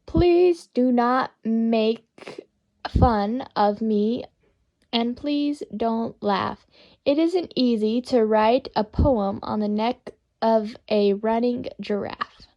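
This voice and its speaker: High-voiced woman reading children's poems playfully. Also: drawn-out words, dull audio. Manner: playful, expressive, sing-song reading. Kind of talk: reading children's poetry aloud.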